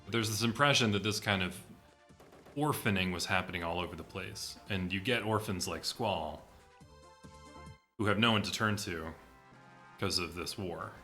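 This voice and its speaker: A man commenting on a video game in casual chat, animated and often correcting himself mid-sentence. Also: deep voice, moderate pace, pauses often, faint music behind. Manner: animated, self-correcting, chatty. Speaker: guest commentator.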